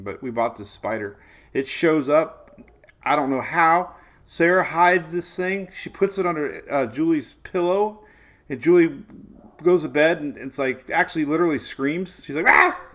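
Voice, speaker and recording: A man in his forties hosting a casual live weather stream, chatty and rambling, laughing often and greeting viewers by name. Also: a little high. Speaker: weather show host.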